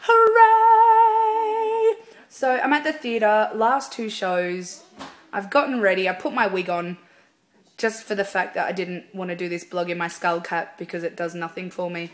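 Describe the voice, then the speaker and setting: A woman's voice: lowish voice, fairly even intonation, moderate pace. A woman, a singer, chatting casually in a video blog from a theatre dressing room, rambling with lots of fillers. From Australia.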